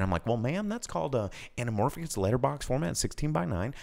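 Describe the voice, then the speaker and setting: A man hosting a live show, telling a work story in casual chat and mimicking customers in a high voice. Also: very animated, rapid-fire, vocal fry, hardly any pauses, a little mellow. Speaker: podcast host.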